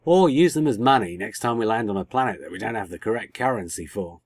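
A quiet, matter-of-fact young woman, as a male narrator puts her on, in a lifted register. Her tone is soft and understated, recorded close and dry. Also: on the low side, animated, quick pace, dry recording.

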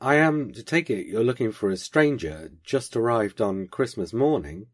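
A man's voice: mid-range voice, animated, normal speed, pitched above the performer's own voice, natural voice. A man reading aloud, putting on a timid young milkmaid girl from the countryside who speaks hesitantly and deferentially in a country dialect.

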